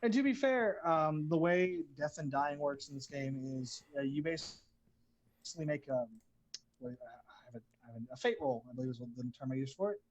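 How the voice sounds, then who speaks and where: Male game designer, higher voice, loose rambling delivery. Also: lively intonation, normal speed, dull audio. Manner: rambling, many ums and restarts. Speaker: game designer and guest game master. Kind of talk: casual chat, promoting a game.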